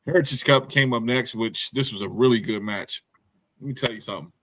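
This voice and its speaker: A man's voice: mid-range voice, fairly quick, a bit bright. A man co-hosting a casual wrestling review podcast, rambling and slangy with lots of fillers. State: hiccups. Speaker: podcast co-host.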